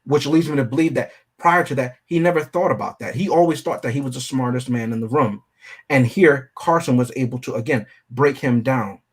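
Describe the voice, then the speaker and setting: A man's voice: mid-range voice, a little fast, husky. A man hosting a film review show, talking through a movie in a casual, analytical way and often checking in with his listeners.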